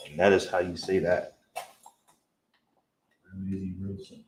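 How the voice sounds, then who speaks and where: Deep-voiced man teaching pronunciation. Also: roomy sound, recorded from a distance, noisy background. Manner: slow, drawn-out pronunciation drills with repeated check-ins. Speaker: language teacher streaming a lesson. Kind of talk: live-streamed lesson.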